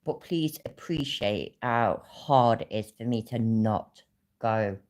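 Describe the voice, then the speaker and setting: Speaking slowly in a bass, darkish voice, a female livestream host goes on an angry, swear-filled rant about getting scammed. She sounds vexed throughout, and the rant is casual in tone.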